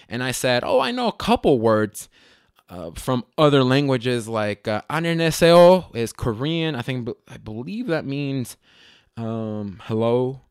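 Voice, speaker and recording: A man from Las Vegas hosting a casual podcast, telling stories in a rambling, self-correcting way with sudden lively jumps in pitch. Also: clear, resonant tone, no room sound, clean studio sound. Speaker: podcast host. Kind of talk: casual solo podcast storytelling.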